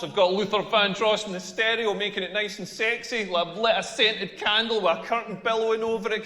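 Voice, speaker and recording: A Scottish man in his forties, loud and self-mocking as he delivers a stand-up set. His voice sits high for a man and rings out across a long, echoey hall. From Scotland. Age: 40s. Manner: brash, self-mocking, laughing through punchlines. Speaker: stand-up comedian.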